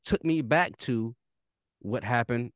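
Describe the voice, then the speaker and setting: A young man co-hosting a casual podcast, swinging between loud outbursts and low reflective talk. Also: slow, no echo, clean studio sound. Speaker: podcast co-host.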